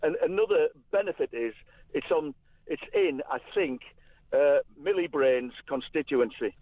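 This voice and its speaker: A man's voice: on the high side, lively intonation, unhurried, no room sound. An older man with a Geordie accent, calling in to a radio phone-in and earnestly making his point, often repeating words as he goes. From North East England. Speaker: caller. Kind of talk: phone-in call. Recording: tinny phone line.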